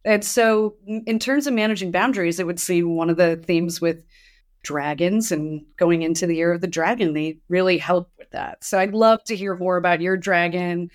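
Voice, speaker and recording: A woman's voice: on the low side, normal speed. A woman hosting a podcast interview, telling personal stories in a chatty way and acting out the exchanges she recounts. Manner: chatty storyteller, acts out quoted exchanges. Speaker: podcast host. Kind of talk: casual conversational interview.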